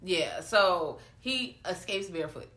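A woman's voice: on the low side, lively intonation, takes it slowly, bright, forceful tone. A woman in casual chat, animatedly retelling a film with profane slang and acted-out quotes. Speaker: podcast co-host recapping a film.

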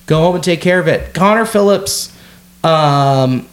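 A man co-hosting a podcast, chatting casually about sports, excitable and swearing freely. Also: on the high side, unhurried. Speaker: podcast co-host. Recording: roomy echo.

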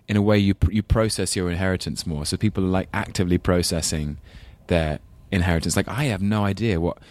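A man's voice: low-pitched, fast talker, darkish tone, no echo. An English man with a London accent, chatting thoughtfully as an interview guest, self-deprecating with many restarts. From England. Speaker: guest, actor. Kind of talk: casual interview chat.

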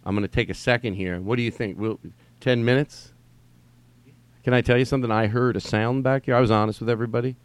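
Male podcast host, casual and meandering, mid pitch, dry close-mic sound. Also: steady tone, fast talker, clean tone, no echo. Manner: rambling, swearing, mimics texts in sing-song voice. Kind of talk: casual rambling podcast monologue.

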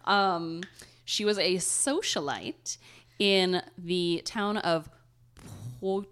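A woman's voice: fairly low pitch, steady tone, drawn-out words, fairly bright tone, smooth. A woman with a Cleveland accent, co-hosting a podcast and telling a story in casual chat, chatty and nasal, swearing now and then. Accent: Cleveland, Ohio. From Ohio, USA. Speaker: podcast co-host.

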